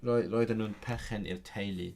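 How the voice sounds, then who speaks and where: A man practicing a new language aloud during a session. He speaks haltingly, restarts words and corrects himself, with English asides. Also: fairly low pitch, fairly even intonation, a little mellow, a little hiss or hum. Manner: hesitant, with many restarts and self-corrections.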